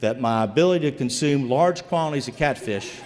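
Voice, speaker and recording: A man's voice: medium pitch, expressive, fairly quick, a little mellow, in a large hall. A man from Virginia, a former investigator, telling a true story live on stage in a folksy way, calling the audience folks.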